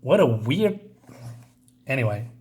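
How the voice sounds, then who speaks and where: A man's voice: mid-range voice, big pitch swings, slow, a little mellow. A man giving a casual comic book review, hesitant and full of fillers and asides.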